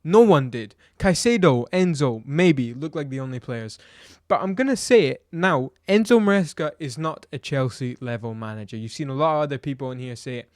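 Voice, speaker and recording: A man's voice: mid-range voice, expressive, moderate pace, few pauses, darkish tone, no echo, clean studio sound. A man giving a blunt, exasperated football match review, ranting and firing off rhetorical questions. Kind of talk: opinionated match review vlog.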